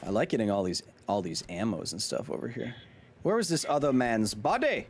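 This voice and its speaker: A man's voice: mid-range voice, fast, a little hiss or hum. A man in his thirties streaming a game, joking and chatting casually with his viewers. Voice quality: animated, jokey, talks to chat. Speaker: gaming streamer.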